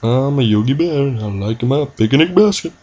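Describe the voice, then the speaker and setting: A man doing a jokey, rough impression of a jolly cartoon bear. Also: mid-range voice, animated, normal speed, darkish tone, lo-fi sound, voice pushed up, lightly acted. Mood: goofy. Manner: jokey impression, admitted as bad.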